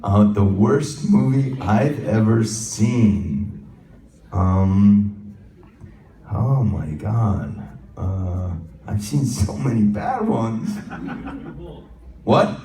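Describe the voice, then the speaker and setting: A man's voice: on the low side, expressive, drawn-out words, pauses often, dark tone. A middle-aged American man answering audience questions at a convention panel, chatty and jokey, laughing often. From United States. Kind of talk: live convention Q&A. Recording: echoey hall from far off.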